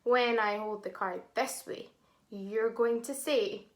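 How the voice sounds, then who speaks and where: A woman teaching a phonics lesson to young children, sounding out words syllable by syllable and praising them warmly. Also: on the high side, measured pace.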